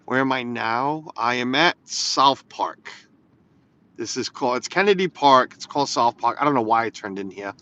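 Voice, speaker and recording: While driving on snowy roads, a man live-streams casual chat from his car, rambling and reading viewer comments out loud. His medium-pitched voice is animated, pushed and bright at a normal speed, heard through slightly dull lo-fi phone audio.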